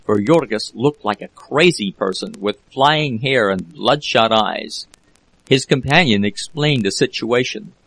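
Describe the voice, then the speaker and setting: A man narrating a classic novel as an audiobook reader, in a steady, measured way. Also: medium pitch, dry recording, poor audio. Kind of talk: scripted narration.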